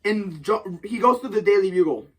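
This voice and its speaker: A woman's voice: medium pitch, normal speed, breathy edge. A woman co-hosting a podcast, retelling a comic story in casual chat, acting out quotes and swearing freely. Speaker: podcast co-host. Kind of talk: casual comic book recap.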